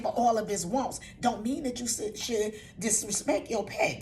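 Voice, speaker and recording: A woman's voice: on the high side, a little mellow. Older woman, chatty repetitive monologue. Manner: repetitive, conversational, often asks "you know what I'm saying?"; emotional, laughs while talking. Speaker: vlog host. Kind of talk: casual monologue to camera.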